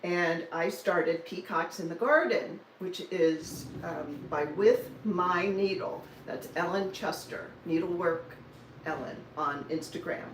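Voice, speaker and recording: A woman's voice: fairly low pitch, takes it slowly, a little hiss or hum. Woman in her sixties, casual live-stream chat, teasing and laughing, echoey room, a little off-mic. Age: 60s. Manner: chatty, teasing, laughs often. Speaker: cross-stitch vlogger. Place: home in Denver. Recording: roomy, slightly distant mic with faint ambience.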